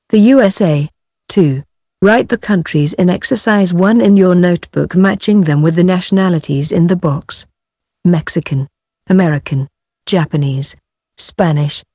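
A woman reading English coursebook audio aloud, word by word, with careful, measured enunciation. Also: sits low, warm tone, slightly rough, no echo, clean studio sound. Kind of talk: slow scripted textbook reading.

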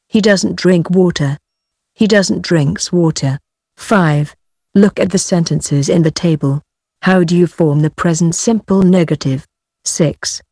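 A woman reading English grammar exercises aloud from a workbook, slowly and carefully. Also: on the low side, mellow, no echo, studio quality. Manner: slow, careful, deliberate reading. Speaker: textbook reader.

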